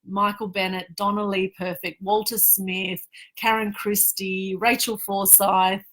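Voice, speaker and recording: Australian woman host, gushing and enthusiastic, mid-pitched voice. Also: level tone, unhurried, a bit bright. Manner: effusive, enthusiastic. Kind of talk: casual interview.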